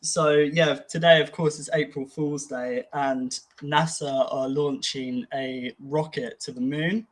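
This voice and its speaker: A man's voice: on the high side, fairly even intonation, slow pace, hardly any pauses, low-quality recording. A man co-hosting a casual podcast chat, musing aloud in an easygoing way with many fillers. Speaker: podcast co-host.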